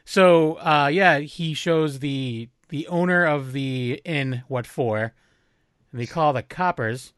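A man co-hosting a casual podcast chat over a remote call, animated and given to acting out quotes. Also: on the high side, slow pace, clean tone, no echo, clean studio sound. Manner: animated, acts out quotes in goofy voices. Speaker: podcast co-host.

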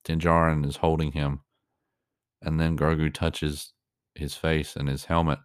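A man's voice: extremely low pitch, little pitch movement, a little slow, smooth, no echo, clean studio sound. A man giving reaction commentary on a show, earnest and openly moved, rambling with many fillers and restarts.

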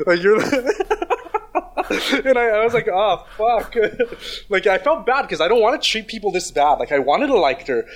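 A man's voice: high-pitched, animated, moderate pace. A man telling a story in casual chat, rambling with lots of fillers and restarts, crude and blunt.

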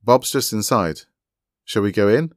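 Guy doing an excited young woman, higher lively voice, pretty close dry sound. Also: measured pace, no echo, natural voice. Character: excitable young woman, rule-breaking avatar owner.

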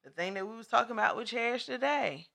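A woman's voice: a little high, expressive, quick pace, vocal fry, pushed and bright. A woman co-hosting a casual chat, talking frankly and reflectively about relationships. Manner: frank, reflective, laughs often. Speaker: podcast co-host.

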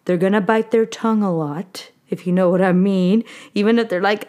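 A woman's voice: medium pitch, normal speed, a little mellow. A young woman from Southern California hosting a casual solo podcast, rambling and heartfelt, switching between English and Spanish and often saying "like". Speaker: podcast host.

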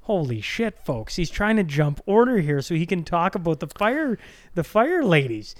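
Podcast guy, kinda high voice, super bouncy pitch, fake-annoyed ranting and swearing. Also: normal speed. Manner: animated, mock-exasperated, swearing. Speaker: podcast co-host. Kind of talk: casual chat.

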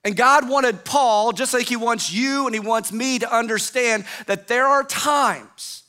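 A male pastor delivering a sermon, emphatic and repetitive, often letting his phrases fall away softly at the end. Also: very high-pitched, a little slow. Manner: emphatic, repetitive preaching with falling phrase endings.

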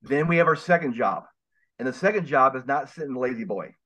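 A man's voice: mid-range voice, lively intonation, brisk, fairly bright tone. A man speaking as a guest on a podcast, earnest and emphatic, with a preaching manner. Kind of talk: casual podcast interview. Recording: dull lo-fi sound.

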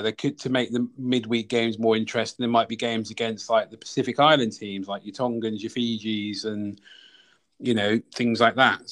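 A man hosting a casual sports chat, steady when he reads out lists of numbers. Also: lowish voice. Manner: reads off statistics in a steady list. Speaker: podcast host.

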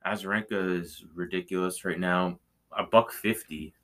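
A man's voice: deep voice, fairly even intonation, moderate pace, fairly bright tone. A man co-hosting a sports betting talk show, easygoing and agreeable, often checking with a tag question. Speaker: sports betting podcast co-host. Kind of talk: casual banter about tennis odds.

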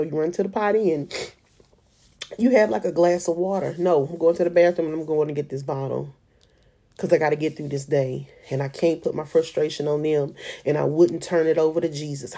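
A woman speaks slowly and earnestly as she gives a personal faith testimony, repeating herself and pausing often. Her voice is fairly low and warm, and she talks unhurriedly. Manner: earnest, emotional, with repetitions and pauses. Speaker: mother of an autistic son.

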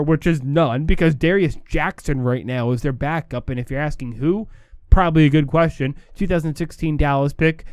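A man's voice: on the high side, a little mellow, clean tone, no echo, studio quality. A man hosting a sports talk show, giving opinionated commentary and repeating his points for emphasis.

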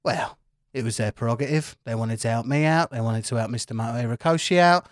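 A man's voice: medium pitch, fast talker, dry recording, clean studio sound, voice pushed down, natural voice. A man voicing Quilly, a brash, teasing male ally in a tabletop game, with a Cockney accent. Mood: sly. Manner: teasing, sarcastic.

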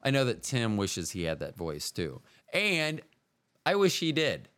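Podcast guy rambling solo, smooth clear voice, wry, keeps cutting himself off. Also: medium pitch, huge pitch swings, a little slow, a bit bright. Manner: meandering, self-interrupting, wry. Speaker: podcast host.

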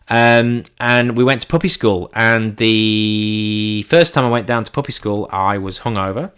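Dry, self-deprecating comic tales come from a man in his thirties from England, who swears offhandedly. The pitch is fairly low and the tone a bit bright.

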